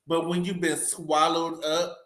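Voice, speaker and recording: A man's voice: a little high, flat delivery, a little slow, a bit bright. A man co-hosting a casual gossip show, cutting in with teasing jokes. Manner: teasing, joking interjections. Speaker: co-host.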